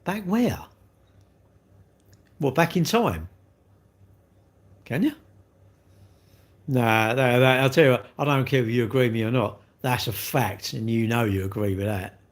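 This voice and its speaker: A man's voice: mid-range voice, lively intonation, a little slow, pauses often. An English man chatting on a live stream, rambling and blunt as he answers viewers in a slangy way.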